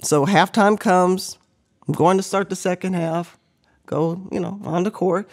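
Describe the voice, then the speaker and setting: A middle-aged woman, a podcast guest, telling an animated story, laughing often and acting out the voices of people she quotes. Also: fairly low pitch, a little slow.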